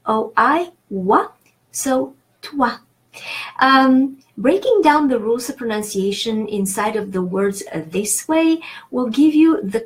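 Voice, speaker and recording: A woman, teaching pronunciation in an online lesson, explaining slowly and patiently with many hesitations. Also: medium pitch. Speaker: French teacher.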